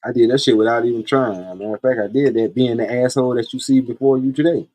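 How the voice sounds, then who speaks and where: A man's voice: mid-range voice, fairly even intonation, quick pace, mellow. Profane man telling stories. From Columbia, South Carolina. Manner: profane, blunt, laid-back storyteller. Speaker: podcast host. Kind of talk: casual storytelling monologue.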